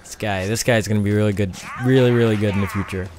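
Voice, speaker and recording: A man's voice: on the low side, fairly even intonation, quick pace, background noise. A young man casually commenting while playing a video game, rambling and interrupting himself with asides to viewers. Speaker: let's play host.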